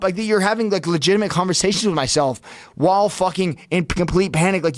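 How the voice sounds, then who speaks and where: A man's voice: sits high, brisk, dry recording, clean studio sound. A man guest on a podcast telling a story intensely, swearing heavily and quoting his own inner voice. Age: adult father. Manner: intense, heavily profane, talks to himself in quoted self-talk. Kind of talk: animated storytelling. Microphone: studio podcast mic.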